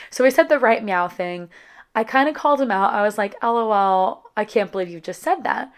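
A woman's voice: medium pitch, clean tone. A young woman vlogger casually telling a dating story to her viewers, chatty and dramatic, with lots of "like" and quoted voices.

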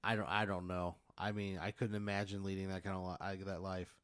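A man's voice: sits low, level tone, brisk, a bit bright, smooth, no room sound, clean studio sound. A man playing along with a hypothetical story, answering in character with swearing and exasperation. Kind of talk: casual improvised chat.

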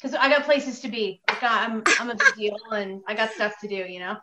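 A woman's voice: a little high, a little fast. A woman hosting a casual chat, bubbly and joking. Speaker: host. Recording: roomy with crowd behind.

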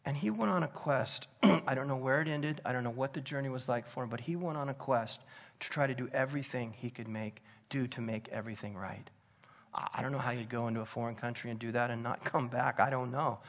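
A man preaching a sermon, telling a personal story in an earnest, conversational way that drops to soft intensity. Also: mid-range voice, brisk.

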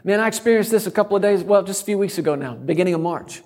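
Middle-aged guy preaching a sermon, high voice, punchy and funny at times. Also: very fast, darkish tone. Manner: bold, emphatic, humorous preaching. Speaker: guest preacher.

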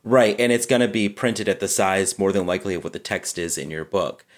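A man with a very low, deep voice talks through book layout in a relaxed podcast chat. He is easygoing and drops in frequent "you know"s as he explains. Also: fairly quick. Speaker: podcast co-host, book designer.

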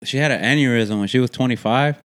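A man's voice: mid-range voice, fast, a bit bright, a little hiss or hum. Laid-back man, casual storyteller, swears a lot, laughs easily. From Texas. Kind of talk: casual chat.

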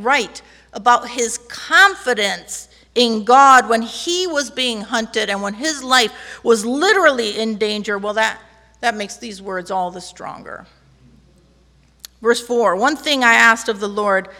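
A woman pastor preaches slowly and emphatically, drawing call-and-response from her congregation. Her voice is bright and a little high. It rings out with a long reverb through the church sanctuary. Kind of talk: sermon.

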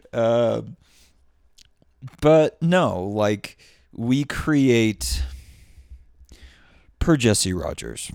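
A man's voice: fairly low pitch, darkish tone, dry recording, studio quality. A man hosting his own show in a casual monologue, rambling and swearing freely, restarting his sentences and laughing often. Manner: rambling and profane, many restarts and frequent laughter. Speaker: podcast host.

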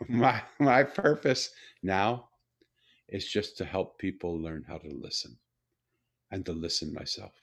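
An older man, appearing as a guest author, tells a story in conversation with a low voice, taking it slowly. Animated as he speaks, he keeps repeating and restarting his words.

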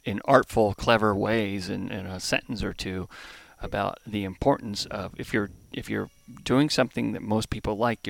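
Gravelly middle-aged man, reflective. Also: on the low side, slight background noise. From United States. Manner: thoughtful, restarts phrases while searching for words. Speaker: brewery founder, podcast guest. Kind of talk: reflective conversational interview. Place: home in Hawaii.

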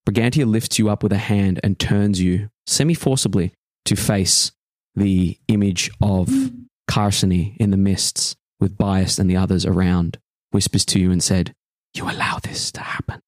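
A man narrating as game master of a tabletop game, describing a dream slowly with pauses. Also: low voice, steady tone, a little mellow, dry recording.

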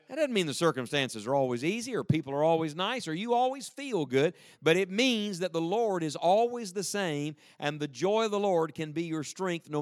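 A man's voice: on the high side, no echo. A man preaching a sermon with emphasis and joking asides, leading the congregation to read aloud with him. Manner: leads the congregation in reading aloud. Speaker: pastor.

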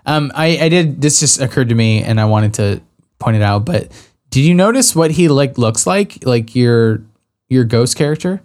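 Relaxed man chatting about a game. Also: mid-range voice, moderate pace. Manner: loose, conversational, frequent "like". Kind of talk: casual game discussion.

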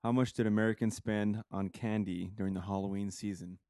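A man's voice: fairly low pitch, steady tone, brisk, mellow, no room sound, clean studio sound. A man hosting a casual podcast with friends, running a quiz segment with lots of jokes, laughter and swearing. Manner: laughing, joking, profane. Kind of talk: casual chat among friends. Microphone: studio microphone.

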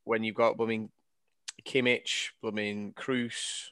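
A man's voice: fairly low pitch, flat delivery, takes it slowly, fairly bright tone, smooth, no echo. Easygoing man in dry sound. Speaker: podcast co-host. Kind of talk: casual football podcast chat.

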